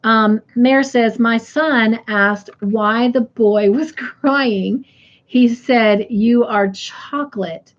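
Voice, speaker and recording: A woman's voice: fairly high pitch, very slow, lo-fi sound. A middle-aged woman hosting a casual crafting live stream. She reads viewer comments aloud in a chatty way and laughs easily.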